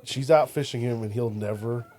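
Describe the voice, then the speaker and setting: A man's voice: medium pitch, moderate pace. A charter fishing captain, a man, chatting casually on a panel, loose and full of fillers. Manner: relaxed, loose filler-heavy talk.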